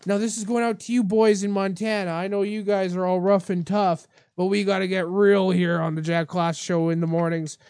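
A woman's voice: medium pitch, level tone, normal speed, few pauses, darkish tone, no room sound, clean studio sound. A young woman hosting a mock talk-radio show, ranting in fake outrage and swearing.

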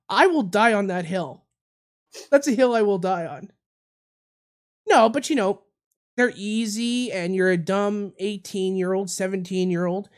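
A man from Canada co-hosting a podcast, telling crude stories in a rambling way and laughing at his own jokes. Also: sits high. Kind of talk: crude comedic podcast banter.

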